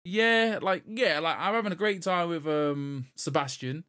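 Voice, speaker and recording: A man's voice: on the high side, a little slow, sharp tone. A young man co-hosting a casual gaming podcast, rambling with lots of restarts and laughing at his own jokes. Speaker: podcast co-host. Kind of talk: casual chat about video games.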